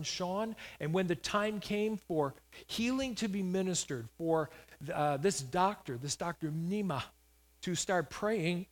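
A male pastor giving a sermon, telling a healing story with emphatic rises. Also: on the high side. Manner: storytelling preacher, rising to loud emphatic peaks.

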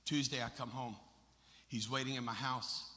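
A man's voice: medium pitch, fairly even intonation, normal speed, pushed and bright. A man preaching a sermon as a storyteller, with impassioned, emphatic delivery. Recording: long reverb of a large hall.

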